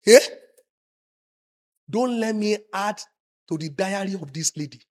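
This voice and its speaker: A man preaching a sermon, moving from quiet, confiding asides to loud, shouted emphasis. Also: high voice, expressive, unhurried. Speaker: pastor.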